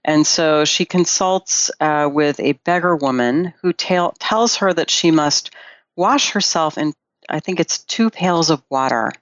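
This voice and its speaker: A woman's voice: deep voice, unhurried, no echo, lo-fi sound. A woman guest on a podcast, a Jungian analyst, retelling a fairy tale in a thoughtful way with frequent fillers.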